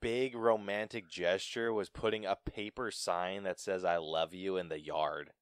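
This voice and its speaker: A man's voice: low-pitched, measured pace, clear, resonant tone, no echo, clean studio sound. A man co-hosting a podcast, chatting casually about a film and acting out lines from it with laughter. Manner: animated, laughing, acts out quoted lines. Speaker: podcast co-host. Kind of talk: casual movie review chat.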